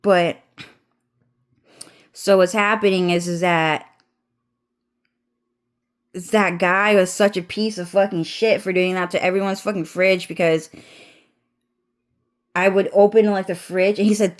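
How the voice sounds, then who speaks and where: A woman's voice: mid-range voice, steady tone, measured pace, pauses often. Congested woman in a profane, rambling rant. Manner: profane, rambling, many restarts and fillers. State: congested, runny nose. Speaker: vlogger. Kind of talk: rambling storytime monologue.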